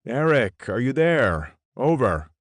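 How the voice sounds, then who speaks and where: A man's voice: medium pitch, very animated, takes it slowly, no room sound, voice pushed up. A man voicing Derek, a blunt, firm team leader.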